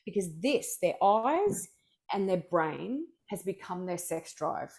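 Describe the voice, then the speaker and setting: A woman's voice: on the low side, sing-song, slow pace, darkish tone. A middle-aged woman, a coach, telling stories in an interview with energy and emphasis, restarting her sentences as she goes. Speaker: sexual wellness coach, interview guest. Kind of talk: candid interview talk.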